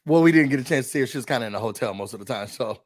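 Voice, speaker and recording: A man hosting a casual reality TV recap, chatting in an animated, gossipy way and mimicking cast members. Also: mid-range voice, racing. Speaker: recap show host.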